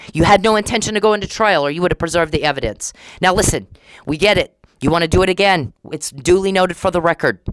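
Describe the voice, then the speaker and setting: A woman's voice: on the low side, no echo, low-quality recording. A woman delivering an angry, accusing podcast monologue straight at someone she blames, repeating herself in a confrontational way. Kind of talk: angry monologue aimed at an absent person.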